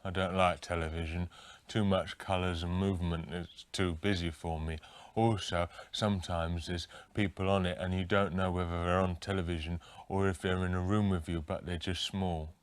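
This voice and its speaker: An actor playing a childlike, confused male rock guitarist who talks in slow, muddled thoughts in a comedy sketch interview. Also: low voice, level tone, no echo, lightly acted.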